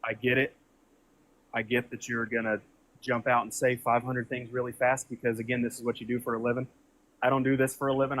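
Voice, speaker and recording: A man's voice: medium pitch, a bit bright, poor audio. Insistent man arguing in circles. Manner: repetitive, insistent, religious appeals. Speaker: caller debating on a livestream. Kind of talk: heated debate.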